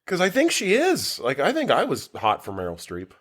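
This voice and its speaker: A man co-hosting a casual podcast from a home basement, animated and quick to laugh and swear. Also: fairly high pitch. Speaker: podcast co-host.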